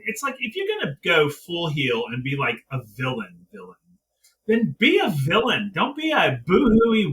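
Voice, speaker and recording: A man's voice: on the high side, pushed and bright, far from the mic, low-quality recording. A man co-hosting a wrestling review podcast, ranting heatedly in casual chat, swearing and mimicking people in mocking voices. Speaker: podcast co-host.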